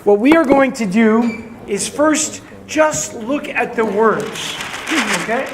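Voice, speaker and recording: A man leading an adult prayer study session in a synagogue classroom, talking in a relaxed, chatty way with fillers. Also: extremely high pitch, slow pace.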